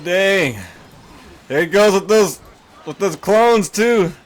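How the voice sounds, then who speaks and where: A man giving live gameplay commentary, excitable and panicky, quick to laugh and curse. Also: high voice. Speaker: gaming YouTuber.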